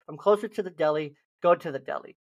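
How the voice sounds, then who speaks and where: A young man co-hosting a podcast, chatting casually and acting out gentle reassuring lines to a lost child. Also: a little high, fast talker. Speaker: podcast host. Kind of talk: casual chat.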